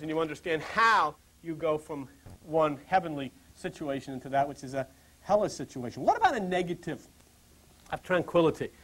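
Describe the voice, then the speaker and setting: A man's voice: sits high, husky, poor audio. A man giving an informal spiritual lecture to a small group, rambling, chuckling through joking asides and putting questions straight to his listeners. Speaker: spiritual teacher.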